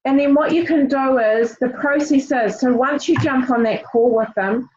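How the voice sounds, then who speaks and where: A woman's voice: sits high, normal speed, a little mellow, highs cut off, a little hiss or hum. A woman leading her team on a group call, coaching them directly and encouragingly with lots of fillers and restarts. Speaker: team leader.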